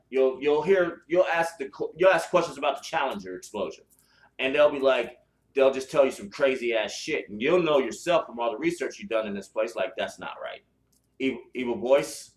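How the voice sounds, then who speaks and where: A man hosting a spiritual podcast, talking bluntly and profanely in a casual chat style, with lots of restarts. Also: medium pitch. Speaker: podcast host. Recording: echoey room.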